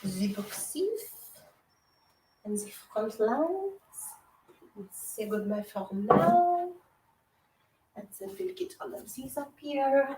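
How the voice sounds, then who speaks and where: Woman vlogger, unhurried casual musing while shelving books, faint room hum, heard from across the room. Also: sits high, sing-song, far from the mic. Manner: chatty, musing, half to herself. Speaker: book vlogger. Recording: roomy, off-mic with faint ambience.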